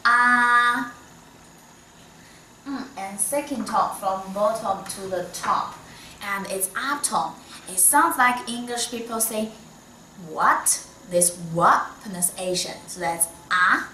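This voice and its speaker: Slow-talking Chinese-accented woman teacher. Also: medium pitch, animated, slight background noise. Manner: slow, patient, non-native English, many soft "mm"s. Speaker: Mandarin teacher. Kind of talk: one-on-one online lesson. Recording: echoey room, voice from a distance.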